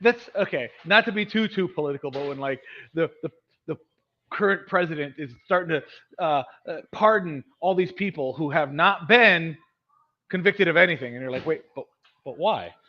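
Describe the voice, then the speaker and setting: A man in his thirties hosting a casual chat, rambling and animated, often mocking voices. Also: on the high side, normal speed. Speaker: host. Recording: dull lo-fi sound.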